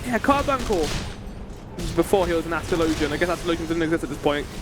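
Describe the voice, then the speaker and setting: Chatty game streamer with a lively voice. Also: medium pitch, quick pace, over music. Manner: chatty, sometimes swears, reacts to cutscenes. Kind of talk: casual gameplay commentary.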